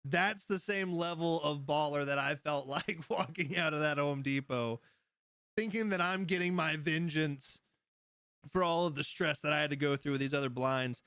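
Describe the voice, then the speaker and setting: A man's voice: fairly high pitch, moderate pace, fairly bright tone, clear, resonant tone, no echo, clean studio sound. Chatty laughing man live-streaming. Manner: rambling storyteller, laughs often, answers chat. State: high. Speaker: livestream host. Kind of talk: casual live-stream chat.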